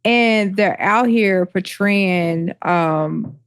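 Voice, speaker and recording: A woman's voice: medium pitch, smooth. Chatty woman podcast co-host. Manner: animated, quick to laugh and chime in. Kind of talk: casual podcast chat.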